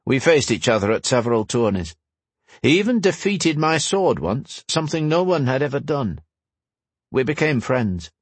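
A man's voice: medium pitch, sing-song, normal speed, slightly rough, dry recording, voice pushed up. Man voicing a somber veteran knight. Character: proud battle-worn male knight, older.

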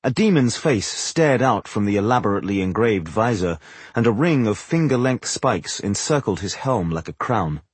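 A man reading fantasy narration for an audiobook in a measured, dramatic way. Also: on the low side, animated, husky, no room sound.

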